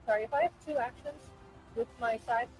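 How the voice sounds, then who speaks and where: A man's voice: very high voice, brisk, music in the background, low-quality recording. A man taking part as a player, hesitant and asking many rules questions in casual chat. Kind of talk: casual tabletop game chat.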